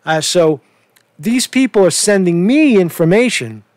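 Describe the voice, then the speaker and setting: A man's voice: high-pitched, animated, a little slow, darkish tone, no room sound, clean studio sound. A middle-aged man with a Brooklyn accent, ranting profanely in a rambling commentary and often asking "right?". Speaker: online commentator.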